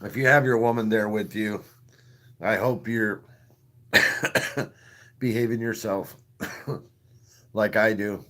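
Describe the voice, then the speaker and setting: A man's voice: on the low side, fairly even intonation, slow, long pauses, fairly bright tone. A man telling crude, self-mocking stories on a live stream, laughing at his own jokes between coughing fits. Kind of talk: crude comic storytelling.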